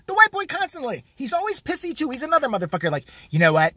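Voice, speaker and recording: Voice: sits high, huge pitch swings, pushed and bright, no room sound, studio quality. A vlogger delivering a crude, mocking, profane comedic rant. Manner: crude, mocking, fast-talking.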